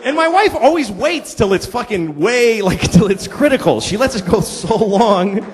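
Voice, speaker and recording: A man's voice: high-pitched, expressive, moderate pace. A man in his forties performing a stand-up set, telling crude, exasperated stories and slipping into put-on voices. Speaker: stand-up comedian. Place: large theater stage before a laughing crowd. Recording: live hall recording with crowd laughter and reverb.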